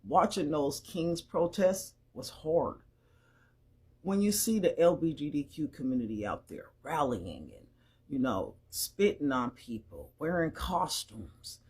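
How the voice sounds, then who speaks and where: An older woman giving an opinionated commentary, emphatic, with sharp swings in her voice. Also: low voice, breathy edge.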